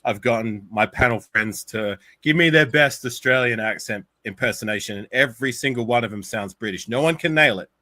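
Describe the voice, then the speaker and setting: Guest streamer guy, bright sharp voice, dry close sound, teasing and playful. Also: medium pitch, a little fast, hardly any pauses, no echo. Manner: teasing, plugs his own show. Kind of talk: casual live-stream chat.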